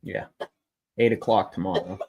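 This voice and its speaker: A man's voice: low voice, normal speed, darkish tone, husky. A man co-hosting a casual podcast chat, cursing a lot, joking around and admitting he is forgetful. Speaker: podcast co-host.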